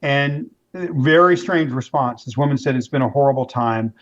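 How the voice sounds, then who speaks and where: Male interview guest, animated storyteller, mid pitch, muffled lo-fi audio. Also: moderate pace. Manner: animated storyteller, acts out quoted voices, many restarts. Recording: dull lo-fi sound.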